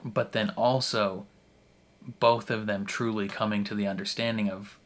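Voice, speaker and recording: A man's voice: lowish voice, a bit bright. A man hosting a reaction video, talking through an episode in a rambling, casual way, full of "like" and restarts and laughing often as he goes. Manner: rambling, filler-heavy with frequent "like" and restarts.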